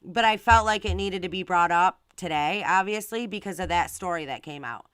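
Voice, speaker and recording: Channel host, female, lowish voice with a crisp, clear tone; chatty, filler-heavy talk aimed straight at her audience. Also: normal speed, a bit bright, no room sound. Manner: rambling, filler-heavy, talks to viewers directly. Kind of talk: casual live-stream commentary.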